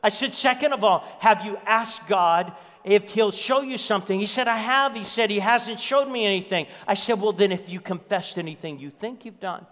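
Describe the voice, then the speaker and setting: A man's voice: sits high, normal speed, hardly any pauses, a bit bright, big-room sound. A man preaching a sermon as pastor, telling a story and repeating key lines for emphasis. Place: church.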